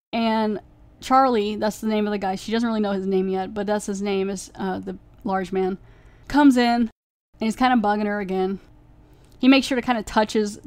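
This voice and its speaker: A woman's voice: mid-range voice, darkish tone, no echo. A woman hosting a podcast, casually reviewing an episode and retelling its plot in a rambling way, full of "like" fillers. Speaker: podcast host.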